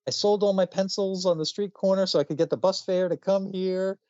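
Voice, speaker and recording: A man voicing a sickly little blind boy who pleads in a high, trembling child voice. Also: steady tone, fairly quick, dark tone, no echo, lightly acted. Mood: pitiful, pleading. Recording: dull lo-fi sound.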